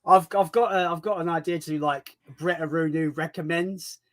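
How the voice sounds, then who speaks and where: A man on a live stream as a guest, chatting casually, self-deprecating and quick to laugh. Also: a little high, fairly even intonation.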